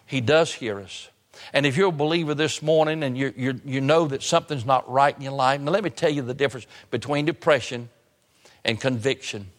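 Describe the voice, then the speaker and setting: A male pastor preaching a sermon in a church, repeating phrases and slowing down hard for emphasis. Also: medium pitch. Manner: preaching with repetition and sudden slow emphasis. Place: church sanctuary. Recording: long hall reverb.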